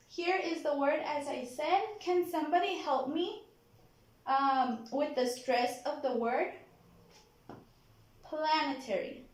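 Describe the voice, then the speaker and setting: A woman teaching a vocabulary lesson in a classroom. She models each word slowly and keeps checking in with "okay?". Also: high-pitched. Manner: slow, deliberate modeling of pronunciation, frequent "okay?" checks. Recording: very echoey classroom.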